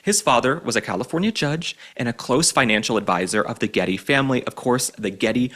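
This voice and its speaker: A man's voice: medium pitch, expressive, fairly quick, a bit bright. A young adult man hosting an opinion commentary show, sarcastic, mocking and emphatic. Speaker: show host.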